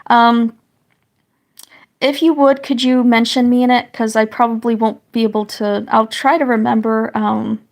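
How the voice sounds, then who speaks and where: Raspy-voiced woman in rambling livestream chat. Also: fairly high pitch, little pitch movement, moderate pace. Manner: rambling, chatty, hedging with "I suppose". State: slightly hoarse, getting sick. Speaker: livestreaming artist; parent.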